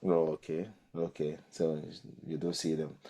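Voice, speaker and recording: A man hosting a podcast and interviewing children, often pausing and repeating his questions in new words. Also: rumbling low, level tone, warm tone. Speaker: podcast host.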